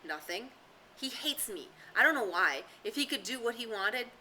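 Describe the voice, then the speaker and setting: Earnest boy chief, anxious and urgent, a woman reading him, bright voice. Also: fairly high pitch, lively intonation, moderate pace, slight background noise, voice pushed up, low-quality recording. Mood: dejected. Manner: urgent, cautious, pleading. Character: troubled young schoolboy chief, earnest.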